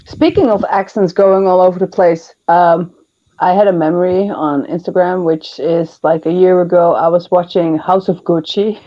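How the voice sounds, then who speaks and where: A woman's voice: fairly low pitch, normal speed. A woman from the Netherlands hosting a casual stream hangout, laughing often while she tells stories. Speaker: stream host. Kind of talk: casual chat. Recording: dull lo-fi sound.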